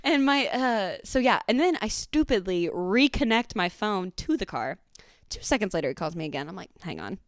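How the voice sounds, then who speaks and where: A woman, hosting a podcast and telling a profane, animated story in casual chat. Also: mid-range voice, normal speed, no room sound. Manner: animated, profane, acts out quotes. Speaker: podcast host.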